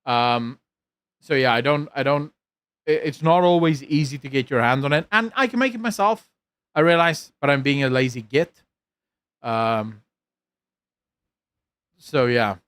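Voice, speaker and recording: A man's voice: mid-range voice, lively intonation, a little slow, pauses often, a bit bright, smooth, dry recording. A man from South Africa with an American-leaning South African accent, chatting casually on a live stream, rambling and self-deprecating, with lots of fillers and restarts. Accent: South African with an American-leaning lilt. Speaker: streamer reading chat.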